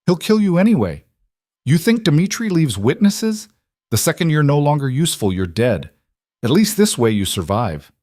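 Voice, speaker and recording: A man voicing a determined male father who talks in a steady, persuasive way during a standoff. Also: on the high side, moderate pace, dry recording, clean studio sound, voice pushed up. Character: determined single father, steady under pressure.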